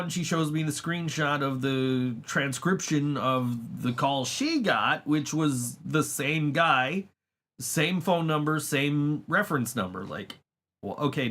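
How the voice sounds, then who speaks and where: A man's voice: on the high side, a bit bright. A man hosting a podcast, telling a long story in a casual, profane way and laughing often. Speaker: podcast host. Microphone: studio microphone.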